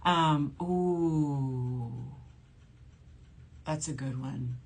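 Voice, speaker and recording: A woman's voice: low voice, drawn-out words, darkish tone, slight background noise. A woman in her forties from New Orleans, a shopping channel host chatting casually on a livestream, reading viewer comments aloud and laughing often. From New Orleans, USA. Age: 40s.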